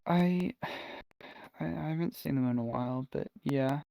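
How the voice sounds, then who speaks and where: Quiet gravelly man, slow and flat. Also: medium pitch, no room sound, poor audio. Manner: quiet, subdued and hesitant. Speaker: fellow player. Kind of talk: in-game role-play chat.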